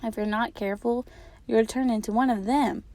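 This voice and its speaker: A woman's voice: a little high, fairly even intonation, normal speed, dark tone, no room sound, natural voice. A woman reading as a stern old grandmother. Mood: scolding. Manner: scolding. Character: stern proud elderly grandmother.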